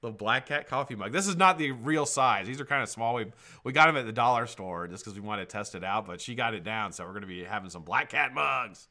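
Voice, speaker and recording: A middle-aged man hosting a casual live stream, swearing freely and greeting viewers by name in loud bursts. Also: fairly low pitch, animated, quick pace.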